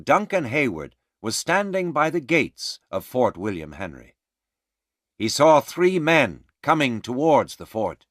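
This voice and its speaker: Slow, expressive male storyteller. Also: medium pitch, no room sound, clean studio sound. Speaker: narrator. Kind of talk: slow graded-reader story narration.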